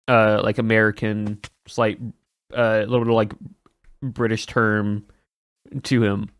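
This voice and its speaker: A man's voice: mid-range voice, dry recording, studio quality. A man streaming and chatting casually to his viewers, rambling with many restarts and chuckles.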